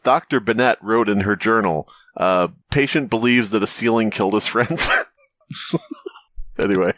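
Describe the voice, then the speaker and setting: A man's voice: fairly low pitch, normal speed, a bit bright, no echo. A man co-hosting a comedy podcast, reading a story aloud and breaking off to joke and laugh. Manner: joking, laughs often, slips into mocking voices.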